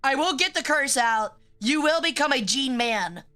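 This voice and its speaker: Young woman, casual stream chat, joking and swearing, a bit high-pitched, sharp and bright. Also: expressive, normal speed. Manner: rambling, joking, swears freely.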